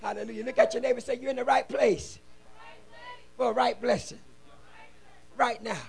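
A man preaching a shouted revival sermon in a church, fervently chanting and exhorting the congregation in call-and-response. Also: very high voice, steady tone, moderate pace. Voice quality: gravelly, husky. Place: church sanctuary.

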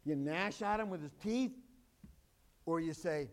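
A man with a high-pitched voice preaching a sermon. He acts out the scripture he quotes and drives his points home by repeating them. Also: lively intonation, measured pace. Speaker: pastor.

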